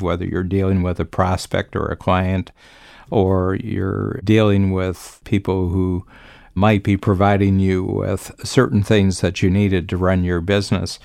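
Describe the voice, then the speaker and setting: A man's voice: low-pitched, creaky, no echo, studio quality. An older man, a business coach, talking confidently on a podcast and spinning long reflective stories. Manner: confident, storytelling, speaks in long reflective sentences. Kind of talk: conversational podcast talk.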